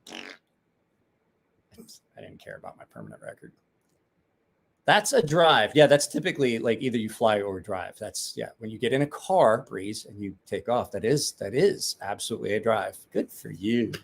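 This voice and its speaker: Man, livestream host, loose and jokey, swears a lot, animated pitch. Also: moderate pace, creaky, few pauses. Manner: rambling, joking, swears often. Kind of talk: casual livestream chat with viewers.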